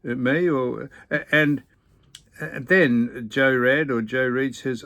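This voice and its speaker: A man's voice: medium pitch, fairly even intonation, slow, fairly bright tone. An older man, hosting a casual vlog on a boat and reading out viewer comments with dry, teasing, opinionated banter. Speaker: vlog host. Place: aboard a boat.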